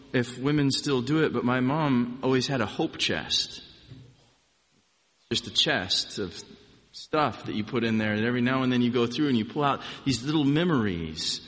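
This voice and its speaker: A man giving an informal sermon, telling personal stories in a relaxed, conversational way with frequent restarts. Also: mid-range voice, in a large hall. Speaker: preacher.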